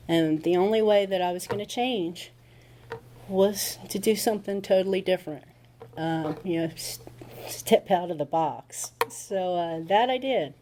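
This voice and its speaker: A woman's voice: medium pitch, mellow, slight background noise. A woman speaking at a recovery meeting, telling her story in a casual conversational way and acting out what people said. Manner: conversational storytelling with acted-out quotes. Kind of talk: personal testimony talk.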